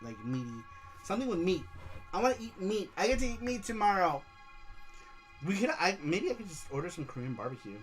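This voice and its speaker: A man's voice: high-pitched, big pitch swings, a little fast, faint music behind. A man hosting a casual livestream, rambling about games and reading viewer messages aloud. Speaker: show host and streamer.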